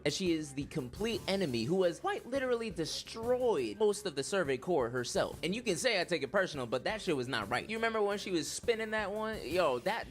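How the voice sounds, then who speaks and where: Young guy, mid pitch, slangy laughing commentator. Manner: animated and joking, laughs often, slangy. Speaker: anime commentator. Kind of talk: casual tier-list commentary.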